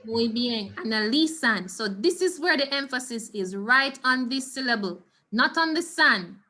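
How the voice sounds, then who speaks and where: A Jamaican woman leads an online Spanish lesson through her computer mic, patiently sounding words out again and again for her students. Her voice sits a little high and comes across bright and crisp. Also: lively intonation, unhurried. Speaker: Spanish teacher. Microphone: computer mic on a video call.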